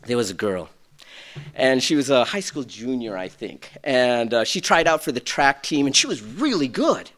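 A man preaching a sermon, swinging from shouted peaks to quiet storytelling. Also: mid-range voice, very animated, normal speed. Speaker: pastor.

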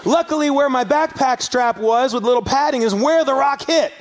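A middle-aged pastor from the Los Angeles area, US, tells a story in his sermon with animated rises and shouted peaks. His pitch is extremely high, his pace moderate, and the background is noisy.

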